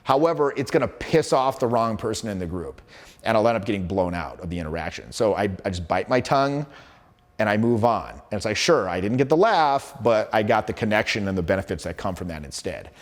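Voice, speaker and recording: Brisk, blunt male social skills coach. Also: lowish voice, lively intonation. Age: 40s. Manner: brisk, storytelling with acted quotes and swearing. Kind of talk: casual teaching talk to camera.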